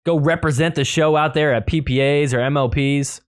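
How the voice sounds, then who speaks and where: A man hosting a sports podcast, recapping games in a casual, excitable way and laughing at the calls. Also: on the high side, normal speed, smooth. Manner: excitable, laughing, mock-quoting players. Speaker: podcast host.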